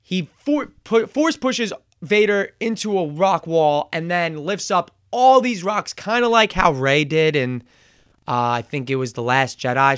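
Man, casual show reviewer, chatty retelling, self-corrections, smooth voice, dry close sound. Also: a little high, a bit bright, dry recording.

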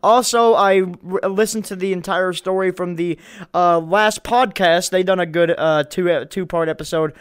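A man's voice: sits high, steady tone, normal speed, clear, resonant tone. A man hosting a casual podcast chat, laughing often and swearing freely. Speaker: podcast host.

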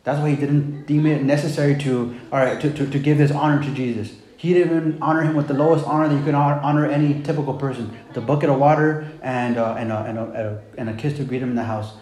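A man preaches fast, with hardly any pauses, in a steady, medium-pitched voice that is a little mellow. His casual sermon is full of "man" and "right?" and retells scripture in plain everyday language, captured in an echoey room with faint background noise.

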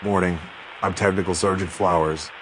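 A man voicing a blunt male Air Force sergeant who gives a brisk, matter-of-fact mission briefing. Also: deep voice, voice pushed up, poor audio. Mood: businesslike. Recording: steady background hiss.

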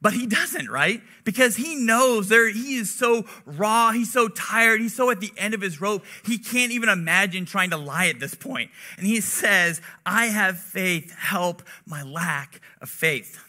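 A young man gives a laid-back sermon, chatting like a friend rather than a pulpit orator. His voice sits high and sounds very bright and forceful. He peppers his talk with "like" and personal stories. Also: lively intonation, normal speed, few pauses. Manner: chatty, relatable, heavy use of "like". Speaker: preacher. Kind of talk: casual conversational sermon.

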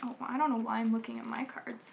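A woman's voice: fairly high pitch, flat delivery, fast talker, creaky, muffled recording, background noise. A young woman hosting a podcast in casual chat, giggly and playful, talking into a podcast mic. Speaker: podcast host.

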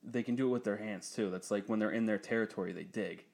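Speaking fast in a fairly low, creaky voice, a young man swears freely as he tells a story in casual chat. He laughs a lot, and his pitch shoots up and he livens up when quoting other people.

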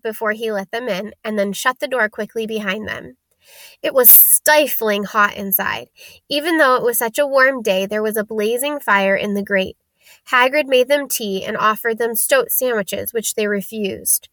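A woman narrating a storybook aloud in a steady, plain reading manner. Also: a little high, moderate pace, no room sound.

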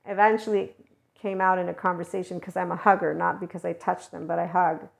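A woman giving a casual, rambling spiritual teaching monologue as a guidance channeler, talking conversationally with soft laughs. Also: lowish voice, level tone, a little fast, vocal fry.

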